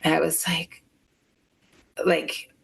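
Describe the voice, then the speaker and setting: A woman telling a painful personal story as an interview guest, halting and emotional, with many filler words. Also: deep voice, little pitch movement, gravelly, fairly bright tone, husky.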